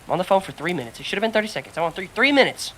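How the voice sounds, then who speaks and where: A woman co-hosting a podcast, telling a story in casual chat, animated and swearing a lot while acting out what others said. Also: medium pitch, racing, poor audio. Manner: animated storyteller, heavy swearing, acts out quotes. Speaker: podcast co-host.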